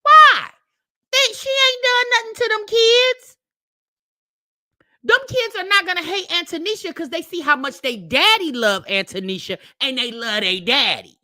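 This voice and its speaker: A woman hosts a reaction commentary, her voice high and swinging widely in pitch. She talks in a sassy, mocking way and breaks into loud outbursts, with a bright edge, recorded dry and close. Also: expressive, measured pace, no echo. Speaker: reaction video host. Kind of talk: commentary on a played clip.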